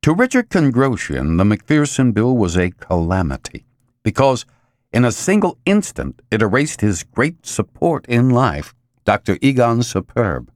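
Expressive male audiobook narrator. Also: mid-range voice, no echo, clean studio sound. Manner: measured, expressive reading with dramatic pauses. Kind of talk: scripted narration.

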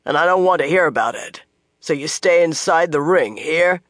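Narrator doing a grizzled, gravelly soldier. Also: medium pitch, animated, moderate pace, fairly bright tone, no echo, studio quality, lightly acted. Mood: stern. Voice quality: gruff and curt. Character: grizzled scowling male soldier, deep gravelly voice.

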